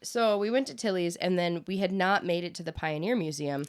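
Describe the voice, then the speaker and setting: A woman co-hosting a podcast in casual chat, an animated storyteller who laughs often and swears freely. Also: lowish voice, brisk, clear, resonant tone. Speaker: podcast co-host. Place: rented vacation home.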